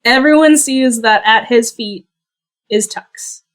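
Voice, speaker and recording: A woman's voice: a little high, takes it slowly. Easygoing woman running a tabletop game. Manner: easygoing, laughs often. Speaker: game master.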